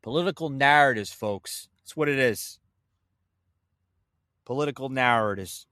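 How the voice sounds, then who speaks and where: A man's voice: mid-range voice, measured pace, sharp tone, no echo, studio quality. A man hosting an opinion podcast, ranting in a heated, sarcastic way and swearing as he talks to his listeners. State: a little winded. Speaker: podcast host.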